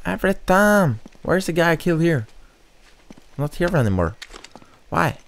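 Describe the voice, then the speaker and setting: A man giving profane let's-play commentary as he plays, trash-talking enemies with loud outbursts. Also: on the high side, very animated, normal speed, vocal fry. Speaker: gamer streamer.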